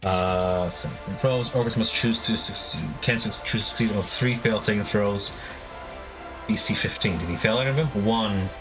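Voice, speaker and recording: A man's voice: fairly low pitch, moderate pace. A man acting as game master, explaining the rules and laughing easily. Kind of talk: running a tabletop game. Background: background music.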